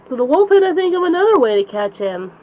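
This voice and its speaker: A woman's voice: high voice, sing-song, fast. A woman reading a children's bedtime story aloud as the channel's storyteller. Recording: slightly dull lo-fi recording.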